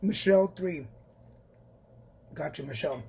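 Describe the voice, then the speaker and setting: Casual live-stream tarot reader, mid-pitched, rambling and encouraging, with playful asides. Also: animated, unhurried, a little mellow, slight background noise. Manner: chatty and rambling, with frequent restarts and playful asides; encouraging and reassuring toward viewers.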